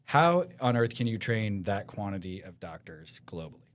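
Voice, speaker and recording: A man's voice: lowish voice, big pitch swings. A man hosting a podcast in a studio, asking questions and sharing his own stories in a casual, chatty way. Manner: casual, chatty, quick reactions. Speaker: podcast host. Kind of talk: casual interview chat. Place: company TV studio.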